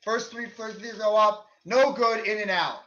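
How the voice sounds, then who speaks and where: A man doing fan play-by-play of a basketball game, shouting on big plays and fuming at the referees. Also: sits high, fairly even intonation, moderate pace, highs cut off. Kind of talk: live play-by-play commentary.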